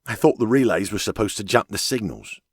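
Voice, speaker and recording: A man's voice: lowish voice, lively intonation, a little fast, breathy edge, no echo, clean studio sound, voice pushed up. A man voicing a wry male pilot who mumbles jokes to hide his unease, in an audiobook. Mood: uneasy. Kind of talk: audiobook character voice.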